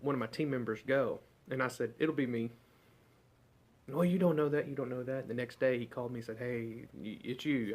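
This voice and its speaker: A man hosting a short devotional talk, telling stories in a folksy, conversational way. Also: medium pitch. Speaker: ministry devotional host.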